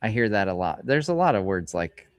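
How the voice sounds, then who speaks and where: A middle-aged man hosts a casual live stream, chatting in a rambling way and reading card names aloud slowly. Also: fairly low pitch, very animated, no echo. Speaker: streamer host. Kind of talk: casual live-stream chat while opening card packs. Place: hobby store, indoors.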